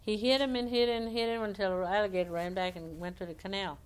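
Smooth-voiced woman telling folktales. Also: mid-range voice, fast. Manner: homespun, conversational, animated quotes. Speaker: storyteller.

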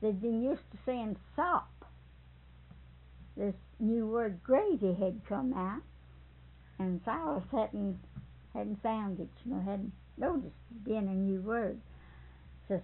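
An older woman being interviewed tells a family story in a rambling, folksy way, chuckling often. Her husky, medium-pitched voice moves slowly with long pauses, and the recording is tinny and phone-like with a faint hiss.

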